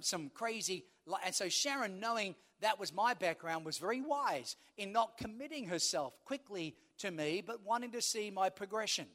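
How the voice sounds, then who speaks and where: Male pastor, high-pitched, humorous storytelling sermon, long hall reverb. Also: fairly bright tone. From Australia. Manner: storytelling, humorous, acts out quoted dialogue.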